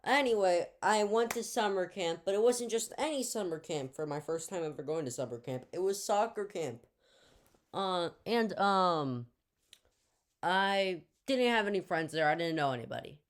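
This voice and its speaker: A young woman narrates a casual storytime tale with a fairly low voice for her. She rambles and drops in jokey asides and little fillers as she goes. The telling is loose and chatty. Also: lively intonation, normal speed.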